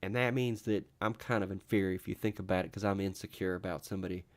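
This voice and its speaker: A man's voice: low-pitched, steady tone, fast. A young man hosting his own talk show, rambling casually with lots of fillers and restarts. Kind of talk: casual solo vlog monologue.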